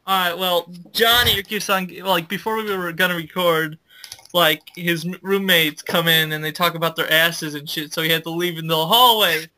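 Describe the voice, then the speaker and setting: A man's voice: a little high, steady tone, normal speed, pushed and bright, low-quality recording. A young man co-hosting a casual podcast, ranting crudely with constant swearing and jokes. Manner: crude, swearing, joking rants. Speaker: podcast co-host. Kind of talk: casual chat.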